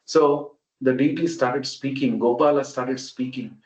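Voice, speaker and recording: A man, a spiritual speaker in an online meeting, telling a devotional story in an unhurried way and acting out each character. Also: mid-range voice, fairly even intonation, darkish tone. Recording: roomy, muffled online call audio.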